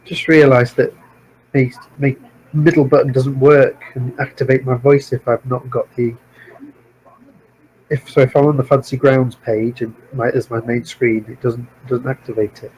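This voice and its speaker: A man playing in a tabletop game, speaking quickly and casually. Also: mid-range voice, flat delivery, a little mellow, slight background noise, poor audio. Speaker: player.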